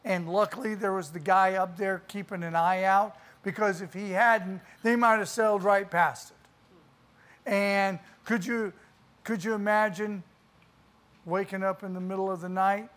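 A preacher delivering a sermon in church, telling a story with dramatic pauses and reading scripture aloud. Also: medium pitch, steady tone, fairly bright tone.

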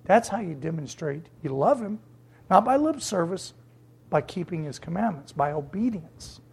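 A preacher delivering a sermon with emphasis, repeating key words for stress and acting out the voices of others with sudden jumps in pitch. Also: lively intonation, moderate pace, creaky, a little mellow, breathy edge.

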